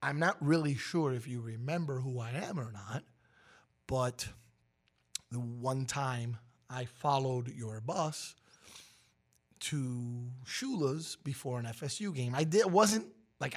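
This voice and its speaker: An unhurried man in his forties with a mid-range voice co-hosts on the radio. He relates a story in easygoing conversation, bringing it to life by loudly acting out what each person said.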